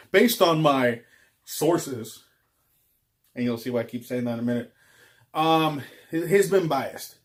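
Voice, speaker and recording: A man vlogging in a casual ranting monologue, rambling with frequent ums. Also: fairly high pitch.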